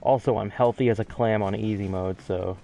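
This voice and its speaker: A man's voice: on the low side, fairly even intonation, brisk, creaky, warm tone. A man giving chatty, self-deprecating commentary during a game speedrun, often restarting his sentences. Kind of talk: casual gameplay commentary.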